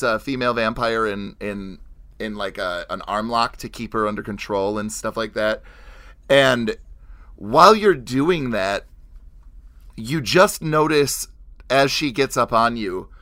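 A man's voice: mid-range voice, sharp tone. A man narrating as game master in a tabletop game, hesitant and full of fillers.

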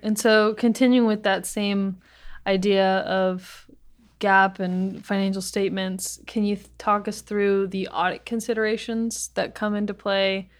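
A woman's voice: medium pitch, flat delivery, a little slow. A woman hosting a podcast, asking the guests short, light questions. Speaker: podcast host. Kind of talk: interview questions.

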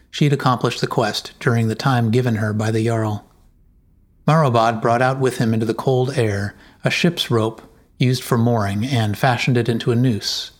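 Slow, measured male storyteller. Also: mid-range voice. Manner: measured, deliberate. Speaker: narrator. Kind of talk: storybook narration.

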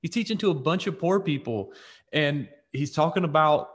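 A man's voice: a little high, moderate pace. A man co-hosting a casual faith podcast, telling a story with lots of "like" and "right?" and acting out the voices of the people in it. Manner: animated storyteller, acts out quoted voices, frequent "like" and "right?". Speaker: podcast co-host.

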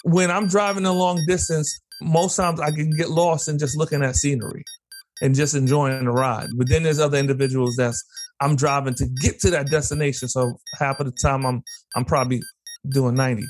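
A man co-hosting a podcast, running a quick quiz game in a playful, joking way and laughing often. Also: a little high, steady tone, faint music behind. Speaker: podcast co-host. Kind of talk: casual chat, quiz game.

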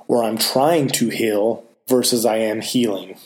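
A man's voice: on the low side, darkish tone. Earnest man giving a self-help talk. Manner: earnest, slow and emphatic on key phrases. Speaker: motivational speaker.

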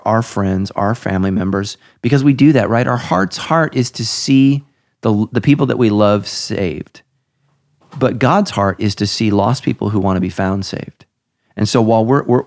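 A man's voice: lowish voice, darkish tone. A middle-aged man, a pastor hosting a podcast, talking casually and emphatically, his voice jumping up to stress points.

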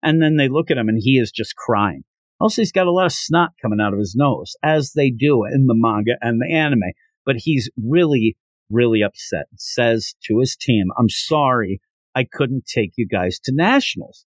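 A man hosting a podcast, casually retelling a manga story with animated asides. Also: medium pitch, normal speed, no echo. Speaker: podcast host.

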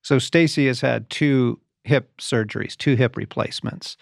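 Gravelly, chatty man co-hosting. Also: medium pitch, normal speed, no echo, clean studio sound. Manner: encouraging, chatty, laughs easily. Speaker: podcast co-host. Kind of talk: casual conversation.

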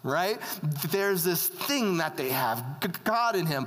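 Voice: medium pitch, sing-song, unhurried, hardly any pauses, fairly bright tone. A preacher giving a casual, conversational sermon, often turning to the audience with questions. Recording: long hall reverb.

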